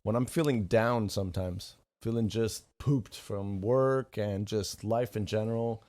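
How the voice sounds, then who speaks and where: A man's voice: fairly low pitch, a little slow, a little mellow. A Canadian man co-hosting a casual podcast, rambling and searching for words, talking openly about his feelings. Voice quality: emotionally open, self-mocking. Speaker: podcast co-host. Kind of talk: casual chat.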